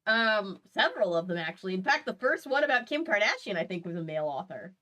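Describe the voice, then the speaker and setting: A woman hosting a comedic read-through of a fan-fiction book, talking in an animated way with bursts of mock outrage and swearing. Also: mid-range voice, fast. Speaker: host. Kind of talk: comedic reading and chat.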